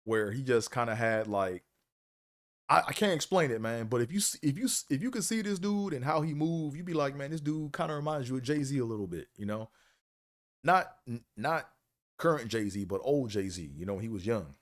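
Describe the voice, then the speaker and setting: A man telling stories on his live stream in a loose, conversational way. He keeps dropping "man" and "you know" between his thoughts, and his voice sits at an ordinary middle pitch. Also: lively intonation, normal speed. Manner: laid-back, fillers like "man" and "you know". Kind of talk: casual storytelling.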